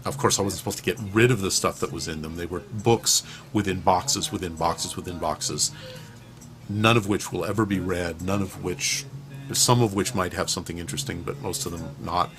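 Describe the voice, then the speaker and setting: A man with a very deep, low voice rambles through a personal vlog from his room at home. He digresses freely, swears, and stumbles through fillers and restarts. Clear music plays behind him throughout. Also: steady tone, normal speed. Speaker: vlogger.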